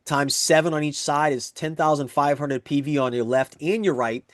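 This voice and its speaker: A man presenting a network marketing pay plan, walking through examples in an eager, repetitive sales pitch. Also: normal speed, no room sound, clean studio sound.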